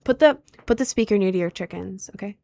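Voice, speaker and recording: A young woman with a low voice, chatting casually on a livestream and reading out comments, playful and giggly. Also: quick pace, vocal fry, mellow. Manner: playful and giggly, with sudden squeaky bursts.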